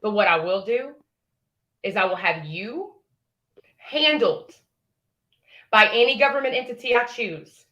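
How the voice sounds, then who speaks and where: Woman, bright edgy tone, heated livestream, brash and threatening. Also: medium pitch, lively intonation, a little slow, pauses often, dull audio. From Indiana, United States. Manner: brash, threatening, sassy trash talk. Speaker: livestream caller.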